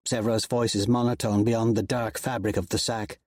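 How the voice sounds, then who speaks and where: Expressive male audiobook narrator, dry sound. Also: on the low side, brisk, hardly any pauses, dry recording.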